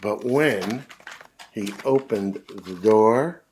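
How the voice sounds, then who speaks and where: A man reading a children's picture book aloud, animated, with big voices and sound effects. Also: mid-range voice, slow pace. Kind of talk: read-aloud storytelling for kids.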